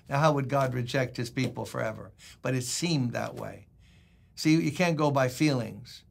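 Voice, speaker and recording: A man's voice: medium pitch, animated, normal speed, vocal fry. An older man, a pastor, giving a conversational devotional sermon, telling folksy stories and reading scripture aloud.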